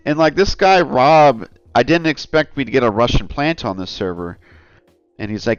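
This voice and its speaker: A man's voice: mid-range voice, expressive, a little slow, clear, resonant tone, no echo, muffled recording. A man hosting a casual commentary vlog, talking in a rambling, earnest way and often calling his viewers "guys.". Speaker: channel host.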